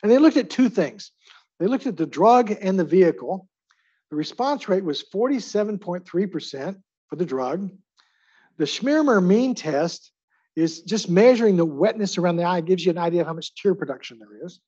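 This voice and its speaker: A man's voice: high voice, expressive, moderate pace, mellow, husky, dull audio. A man lecturing on drugs to a live class in a chatty way, asking the audience to vote by raising their hands. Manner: chatty, asks the audience for hand votes. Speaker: pharmacy lecturer.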